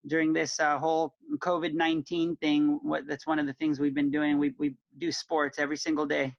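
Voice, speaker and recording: A man's voice: fairly high pitch, little pitch movement, a little fast, creaky, no room sound. Chatty man on a dull, dry call. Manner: friendly, chatty, laughs easily. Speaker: community member, guest. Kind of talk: casual chat.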